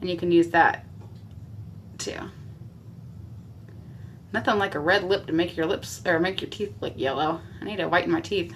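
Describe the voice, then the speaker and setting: On a live makeup stream from a small basement bathroom, a woman chats casually into her phone camera and responds to viewer comments as she goes. Her voice is fairly low, her pace moderate, and she pauses often. A little hiss or hum is audible.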